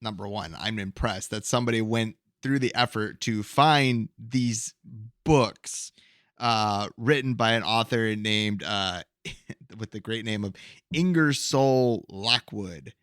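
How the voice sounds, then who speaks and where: A man's voice: on the low side, slow pace, fairly bright tone, no room sound, studio quality. A man co-hosting a podcast, explaining a topic casually with wry, joking asides. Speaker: podcast co-host.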